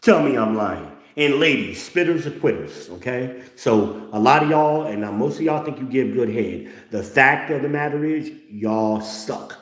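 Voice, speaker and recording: Blunt preachy guy ranting on his home stream, mid-pitched voice, echoey room. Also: animated, moderate pace, few pauses. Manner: blunt, preachy, calls for amens. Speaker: livestream host. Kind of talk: casual profane monologue to viewers. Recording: roomy echo.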